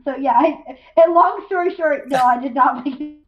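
A woman's voice: high voice, normal speed. A young woman co-hosting a podcast, telling a rambling story with restarts and frequent laughter. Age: young adult. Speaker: podcast co-host. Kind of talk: casual chat. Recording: dull lo-fi sound.

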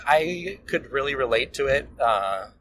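A man's voice: mid-range voice, lively intonation, unhurried, bright, forceful tone, a little hiss or hum, low-quality recording. A young man co-hosting a podcast, teasing and enthusiastic, with lots of fillers. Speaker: podcast co-host. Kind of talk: casual chat.

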